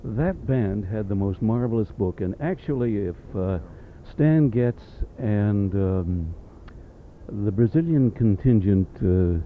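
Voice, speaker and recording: A man interviewing a guest, speaking slowly and haltingly as he searches for his words. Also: lowish voice, lively intonation, narrow, tinny audio, a little hiss or hum. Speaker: radio interviewer. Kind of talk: interview chat.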